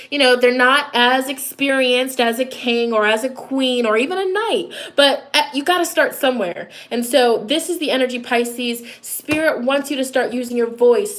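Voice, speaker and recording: A woman with a high voice gives a casual tarot reading straight to her viewers. She talks directly and repeats her points, breaking off into chatty asides and laughing at herself. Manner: direct, repetitive, addresses listeners as a sign. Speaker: tarot reader.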